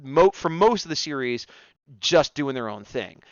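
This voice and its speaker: A man's voice: a little high, sing-song, normal speed, no echo, dull audio. A man co-hosting a casual live-stream discussion, chatting, reading viewer comments aloud and laughing often. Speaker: co-host of a fan discussion stream.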